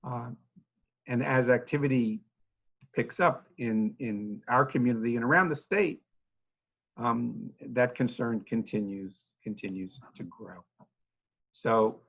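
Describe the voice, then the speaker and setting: A man in his sixties giving an earnest, halting talk over a video call about running care homes, with many fillers and restarts. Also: medium pitch, creaky, a bit bright, breathy edge, dull audio. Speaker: nursing home agency head speaking to a club. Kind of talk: informal talk to a civic club.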